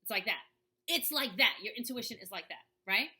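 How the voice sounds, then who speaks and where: A woman's voice: medium pitch, animated, a little fast, sharp tone. A woman coaching viewers in a casual talk to camera, checking in with "right?" as she goes. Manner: conversational, often asks "right?".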